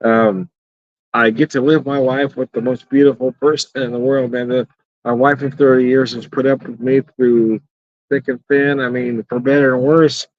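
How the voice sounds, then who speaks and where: In a rambling evening vlog shot outdoors, a middle-aged man reviews beer with blunt profanity and frequent chuckles. His mid-range voice stays level at a moderate pace, and the dry, dull, slightly lo-fi recording has no echo.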